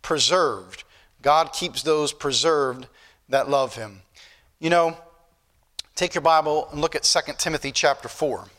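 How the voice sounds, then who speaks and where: A man's voice: a little high, a little slow, a bit bright. A man preaching a sermon as pastor, folksy and joking at times, then building to emphatic points. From northern United States.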